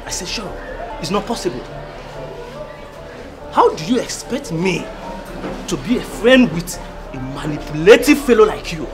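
An actor with a Nigerian accent playing an angry, dismissive young male student who shouts curt retorts. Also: high voice, big pitch swings, moderate pace, pauses often. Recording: film soundtrack with music and crowd noise.

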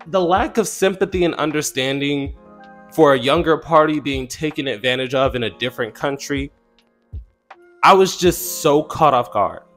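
A man in his twenties hosting commentary, indignant and blunt, swearing casually. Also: a little high. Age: 20s. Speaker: commentary channel host. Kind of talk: reaction commentary.

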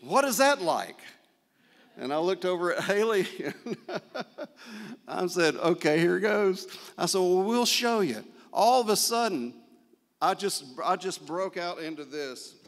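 An older man with a slightly high voice tells stories in a folksy, animated way, dropping in praise and amens as he goes. His voice carries a long reverb from a large church sanctuary. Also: unhurried. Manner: folksy, animated storyteller with frequent praise interjections. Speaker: guest speaker and guitarist at a church service. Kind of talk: storytelling testimony in a church service.

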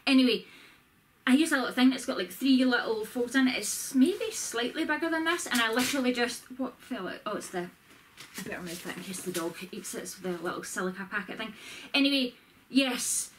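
A woman vlogger chats casually from her bedroom at home, filming on a camera with a ring light. She rambles and pokes fun at herself while showing off a shopping haul. Her voice is a little high, animated, brisk and a bit bright, with slight background noise.

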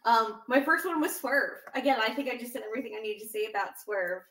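A woman's voice: on the high side, expressive, fairly bright tone, far from the mic. A woman co-hosting a casual wrestling podcast, rambling and restarting her thoughts as she talks. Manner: rambling, self-interrupting, quick to laugh. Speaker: podcast co-host. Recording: echoey room.

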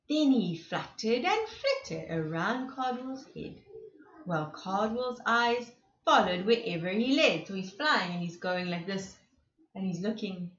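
Slow, animated woman reading to preschoolers. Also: fairly high pitch. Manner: animated, asks the children questions. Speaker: preschool presenter. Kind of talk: reading a rhyming picture book to young children. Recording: echoey room, slightly dull sound.

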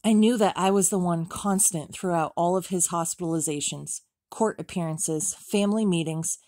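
Woman, audiobook memoir reading, lowish voice, measured and steady, dry close sound. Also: no room sound. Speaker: audiobook reader.

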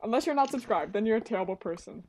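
A woman's voice: mid-range voice, expressive, racing, darkish tone, slight background noise. A young woman hosting a casual gaming session with a friend, laughing often and chatting loosely. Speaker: gaming channel host.

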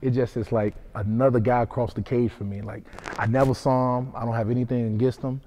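A man's voice: medium pitch, fairly even intonation, brisk, warm tone, a little hiss or hum. A young man who fights in MMA, answering interview questions in a loose, rambling way, often adding "you know what I'm saying.". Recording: hall reverb.

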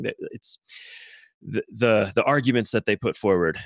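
A man guesting on a podcast, making a measured, reasoned argument in casual discussion. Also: fairly low pitch, dry recording.

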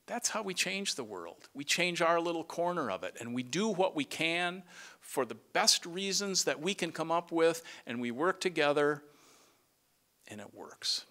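A middle-aged man giving an earnest farewell speech as a retiring director, sometimes halting and restarting. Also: a little high, big pitch swings, sharp tone.

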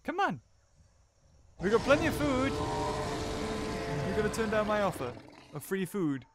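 A young man giving excited commentary while playing a survival game, laughing often and putting silly lines in the creatures' mouths. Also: high voice, a little slow, noisy background. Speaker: gaming YouTuber. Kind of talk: let's play commentary. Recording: game music behind.

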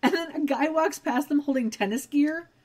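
A woman's voice: high voice, moderate pace, darkish tone. A woman co-hosting a podcast, recapping a TV episode in casual chat with wry asides. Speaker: podcast co-host.

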